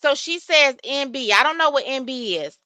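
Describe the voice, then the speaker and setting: Bright-voiced woman reading texts aloud. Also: sits high, no echo. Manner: animated, exclaiming, reads aloud in a quick flat run. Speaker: host. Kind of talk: reading and reacting to text messages.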